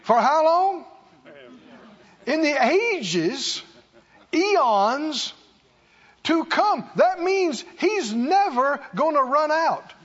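A man's voice: extremely high pitch, big pitch swings, drawn-out words, pauses often, fairly bright tone, dull audio. A man preaching a sermon in a church, with emphatic, repetitive call-and-response delivery. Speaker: pastor.

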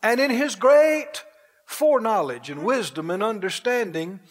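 Male preacher, very high voice, swooping and animated delivery, exuberant, given to laughing shouts. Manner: drawn-out, emphatic phrasing. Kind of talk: sermon.

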